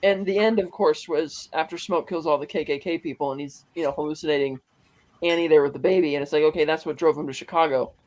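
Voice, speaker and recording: A man co-hosting a casual movie review show, retelling scenes and acting out lines in quick voices. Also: fairly high pitch, fairly even intonation. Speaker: podcast co-host.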